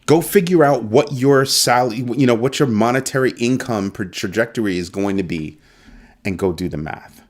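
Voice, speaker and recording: At a normal speed and medium pitch, a middle-aged man from New York talks casually to the viewers of his crypto show. He's emphatic and keeps repeating points for emphasis.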